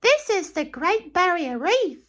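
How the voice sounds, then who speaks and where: A woman voicing a cheerful talking barge in a storybook reading, with a chirpy, very high voice. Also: sing-song, unhurried, fairly bright tone, heavily acted.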